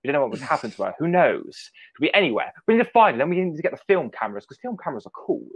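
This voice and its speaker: A man doing an impression of the Eleventh Doctor, a brisk and quirky young man who talks in chirpy, bossy bursts. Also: fairly high pitch, big pitch swings, slightly rough, dry recording, voice pushed up, exaggerated voice. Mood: urgent. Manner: chirpy, bossy, rapid-fire.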